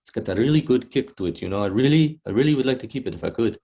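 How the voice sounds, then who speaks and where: A man voicing an ageless vampire Rasputin musing fussily about a new identity. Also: mid-range voice, animated, rapid-fire, dark tone.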